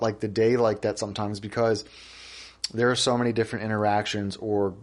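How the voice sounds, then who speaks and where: A young man in casual podcast chat, telling crude, animated stories and acting out the people in them. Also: on the low side, a little fast. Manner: animated storyteller, crude, acts out quoted people. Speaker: podcast co-host.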